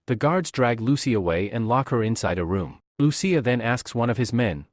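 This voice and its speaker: Man narrating a comic recap, lively pitch. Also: unhurried, hardly any pauses, dry recording, studio quality.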